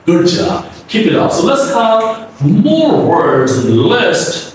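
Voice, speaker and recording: A man's voice: high-pitched, wildly swooping pitch. Man teaching pronunciation in echoey room. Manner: repeats words slowly, asks listener to repeat. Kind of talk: classroom-style pronunciation lesson. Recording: echoey room from a distance with faint background hum.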